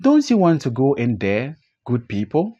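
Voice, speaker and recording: A reader voicing an amiably drunk man in a play audiobook, speaking slowly and dropping low on forms of address. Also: huge pitch swings, warm tone, dull audio, exaggerated voice. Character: amiably drunk man, proud of his new name.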